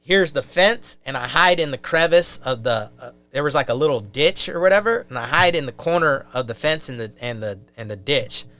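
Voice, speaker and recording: Bright, clear-voiced man telling a rambling story. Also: fairly high pitch, expressive, brisk, few pauses. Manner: rambling, full of filler and swearing. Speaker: podcast guest. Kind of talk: casual storytelling.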